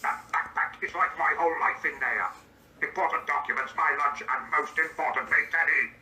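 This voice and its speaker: AI male voice as Mr. Bean: indignant, prim, narrates his own actions, slightly high. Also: a little fast, bright, forceful tone, echoey room, recorded from a distance, soft background music, poor audio. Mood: exasperated. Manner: reads his own stage directions aloud, indignant. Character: Mr. Bean, fussy indignant grown man. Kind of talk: AI voice improv role-play.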